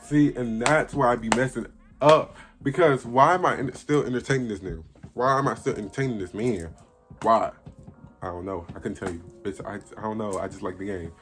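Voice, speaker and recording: A man's voice: on the low side, fairly quick, over music. An eighteen-year-old man casually telling a story to camera, blunt and profane, acting out what people said. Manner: blunt, profane, acts out quoted dialogue. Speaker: vlogger.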